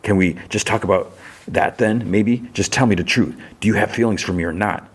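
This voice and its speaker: A man's voice: fairly low pitch, fairly quick, breathy edge. A man voicing an earnest, lovesick adult male hero while retelling a TV episode, in his own plain voice. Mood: pleading.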